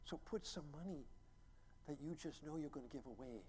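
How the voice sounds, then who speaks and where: A middle-aged man, a pastor, preaching a sermon as a story, acting out quotes and building to loud, emphatic peaks. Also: a little high, brisk. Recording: long reverb, faint ambient noise.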